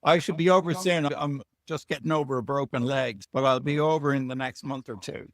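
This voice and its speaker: A man's voice: mid-range voice, steady tone, fairly quick, dry recording, clean studio sound. An Irish man, a guest author, chatting and telling anecdotes in an interview, a little self-deprecating. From Ireland. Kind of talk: relaxed storytelling interview. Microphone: video call.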